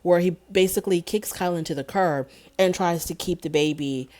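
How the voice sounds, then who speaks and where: A woman with a notably low voice talks through a TV episode in relaxed recap commentary. Her tone is sarcastic and openly indignant, as a show reviewer who keeps her own opinions up front. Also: moderate pace.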